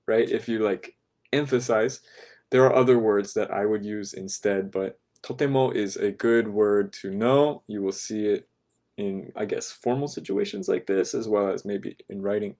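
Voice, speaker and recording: A man teaching a class, patiently walking through each phrase and checking in with his listeners. His voice sits low, and it often drops soft and quiet as he repeats a phrase. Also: measured pace. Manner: patient, breaks phrases down step by step, often asks "right?". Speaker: language teacher. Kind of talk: explaining a lesson to a class.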